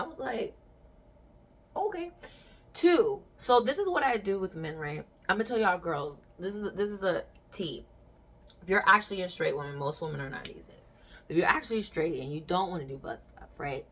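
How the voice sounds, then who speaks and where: A woman's voice: medium pitch, sharp tone. A young adult woman hosting a podcast, chatting casually and telling stories frankly with bursts of laughter. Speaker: podcast host.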